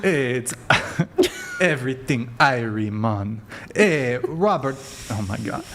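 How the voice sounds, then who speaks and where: A man putting on a Jamaican accent to play a laid-back guy thanking donors, with a slow, drawling delivery. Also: mid-range voice, animated, slight background noise. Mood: jokey. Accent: put-on Jamaican.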